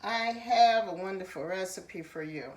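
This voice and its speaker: A woman's voice: mid-range voice, measured pace, reverberant, far from the mic, a little hiss or hum. A woman hosting a cooking channel, giving a casual, homey cooking demonstration in her kitchen and often calling the viewers "guys". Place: home kitchen.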